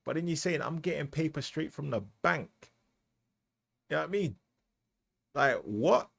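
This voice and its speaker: A man's voice: fairly high pitch, animated, normal speed, gravelly, long pauses, fairly bright tone, breathy edge. A British man giving casual, slangy commentary as he reacts to a music track, often asking "you know what I mean". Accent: British English.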